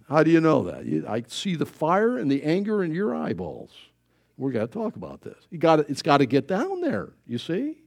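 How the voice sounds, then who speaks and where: Man preaching a sermon, kinda high voice, goes loud then quiet a lot. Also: moderate pace, creaky. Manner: animated, swinging between loud emphasis and quiet asides. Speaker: pastor.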